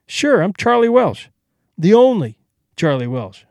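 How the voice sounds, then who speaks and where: A man's voice: high-pitched, sing-song, a little slow, vocal fry, dry recording, clean studio sound, full character voice. A man voicing a brash young male vaudeville tramp comic who talks in boastful, breezy slang.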